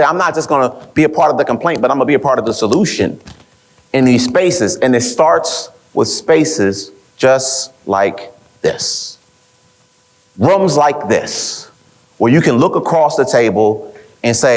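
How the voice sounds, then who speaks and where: A man's voice: medium pitch, normal speed. A man giving a motivational talk to a live audience, telling stories with rhetorical repeats and acting out what others said. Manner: rhetorical repeats, quoting others in lively voices. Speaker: speaker at an event.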